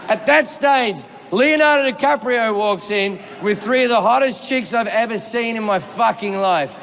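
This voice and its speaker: Gravelly Australian man telling a profane story. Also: sits high, moderate pace, few pauses, a little hiss or hum. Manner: profane, rambling anecdote with acted-out quotes. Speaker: stand-up comedian. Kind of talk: live stand-up storytelling. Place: comedy stage before a live audience. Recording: reverberant live venue with loud ambience.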